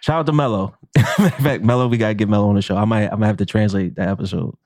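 A man, a chef and podcast co-host, telling a story in a casual, profane and animated way. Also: on the low side, racing, no echo, studio quality. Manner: animated, profane, acts out quotes with laughs.

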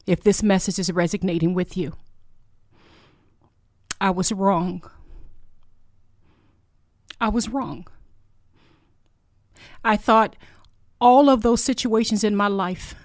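A middle-aged woman hosts a faith podcast, sharing her personal testimony in an earnest, emotional, heartfelt storytelling style. Her voice is medium-pitched, and the audio is clean studio sound without echo.

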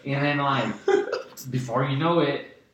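A man's voice: mid-range voice, a little slow, a little hiss or hum. A young man telling a rambling, profane story full of "like" and laughing as he goes. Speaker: podcast guest. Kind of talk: casual storytelling. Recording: roomy room with loud laughter.

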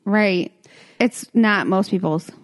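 A woman's voice: medium pitch, takes it slowly. A woman co-hosting a podcast, listening closely and dropping in dry teasing remarks. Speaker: podcast co-host. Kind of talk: casual chat.

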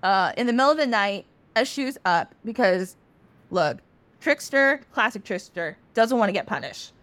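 A woman podcast host casually retelling a myth, animated, swearing now and then and jumping into the characters' voices. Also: medium pitch, no room sound. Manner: animated, acts out characters' lines with quick voice shifts; swears casually and laughs while telling. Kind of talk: casual storytelling.

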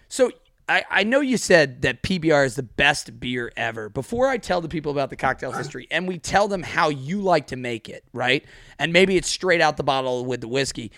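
A man hosting a podcast in casual chat, energetic and talkative with frequent laughs. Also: medium pitch, a little fast, no echo, clean studio sound. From Mid-Atlantic United States. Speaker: podcast host.

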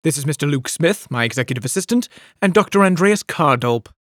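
A man's voice: fairly high pitch, lively intonation, fairly quick, a bit bright, dry recording, studio quality. A man voicing a stern, formal middle-aged woman official in an audiobook, speaking in a clipped, formal way.

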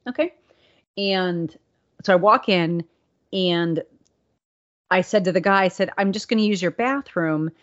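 A woman co-hosting a casual podcast chat, telling a story with lively acted-out quotes. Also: on the low side, a little slow, pauses often. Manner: animated storyteller, acts out quotes. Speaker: podcast co-host. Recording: dull lo-fi sound.

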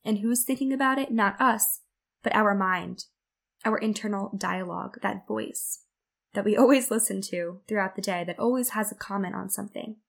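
A woman with a creaky, mid-range voice talks at a normal speed as host of a self-development podcast. In an earnest, reflective monologue, she acts out the worried inner voice in her examples.

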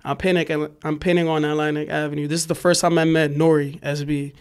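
A man tells a wild street story in loose, casual chat. His voice sits a bit high for a man, and he jumps into loud shouted impressions of the people in the story. He swears freely and fills every gap with "like.". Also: fast, clear, resonant tone. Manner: animated, profane, lots of "like", acts out yelling voices. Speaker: graffiti writer guest.

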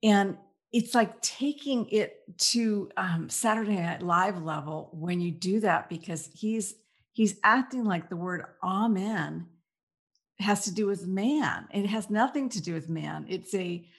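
A woman's voice: mid-range voice, unhurried. A woman co-hosting a political talk show, speaking in a sardonic, mocking tone and ticking off examples one after another. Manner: sardonic, mocking, lists things off. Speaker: podcast co-host.

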